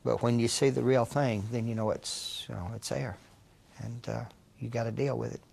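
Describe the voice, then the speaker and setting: A man's voice: mid-range voice, steady tone, normal speed, vocal fry, a little mellow, slightly rough. An older man recalling events in a documentary interview, hesitant and full of small asides. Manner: hesitant, many fillers and trailing asides.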